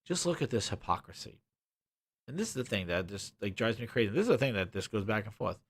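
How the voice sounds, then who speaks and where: Indignant lively male gaming streamer. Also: quick pace, husky. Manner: sarcastic, indignant, swearing; muttering low while reading, louder when ranting. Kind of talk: ranting commentary while reading a web page.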